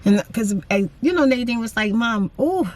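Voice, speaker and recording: A middle-aged woman hosting her vlog in casual, animated chat, calling her viewers y'all and saying freaking often. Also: a little high, brisk. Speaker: vlogger and host.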